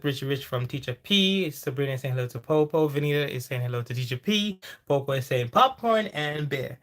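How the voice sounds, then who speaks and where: Man hosting a live chat, average pitch, loose and friendly, answers viewers as they come. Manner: lively and chatty, with sudden high-pitched exclamations. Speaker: farming livestream host. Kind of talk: casual live chat, reading viewer comments.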